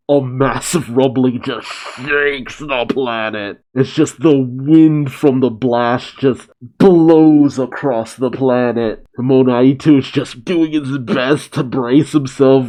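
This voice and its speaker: A man recapping and reacting to a manga chapter in casual chat, excitable and laughing, acting out the characters' lines. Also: mid-range voice.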